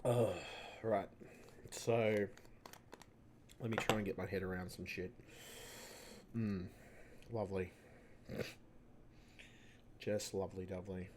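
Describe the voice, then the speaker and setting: Low-voiced, fed-up man. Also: little pitch movement, takes it slowly, pauses often, noisy background. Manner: frustrated, swears constantly, restarts and trails off. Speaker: channel host. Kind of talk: rambling off-the-cuff vlog. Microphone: computer mic at home.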